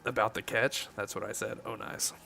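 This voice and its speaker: A man's voice: on the low side, moderate pace, vocal fry, a little hiss or hum. A man from the Southern United States with a Southern accent, chatting casually with viewers and cracking jokes on a late-night game stream. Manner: relaxed, joking, chatting with viewers.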